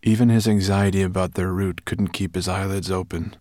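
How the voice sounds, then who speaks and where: A man narrating an audiobook in an even, measured reading voice. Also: low-pitched, no echo, studio quality.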